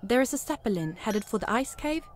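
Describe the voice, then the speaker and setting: A woman voicing a formal, learned scholar in a video game, measured and polite. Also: a little high, expressive, a loud crowd, close to an everyday voice.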